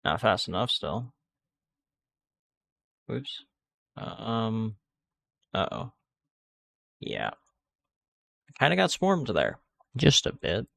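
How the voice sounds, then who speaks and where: A man's voice: lowish voice, wildly swooping pitch, very slow, gravelly, long pauses, fairly bright tone. A man giving casual gameplay commentary, rambling and restarting sentences with many fillers. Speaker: gaming video creator.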